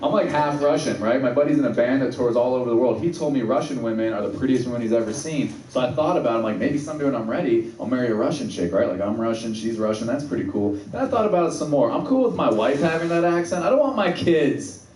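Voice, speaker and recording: A man's voice: mid-range voice, expressive, quick pace, few pauses, a little mellow, a little hiss or hum. Brash male stand-up comic, roomy club. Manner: brash, self-mocking, punchy. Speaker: stand-up comedian. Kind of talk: stand-up comedy set. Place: comedy club stage. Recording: roomy sound from a distant mic.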